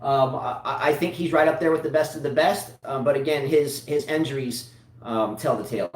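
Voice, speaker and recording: A man's voice: mid-range voice, brisk. A man co-hosting a casual tennis show, talking in long rambling runs with many restarts. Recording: echoey room, mic at a distance.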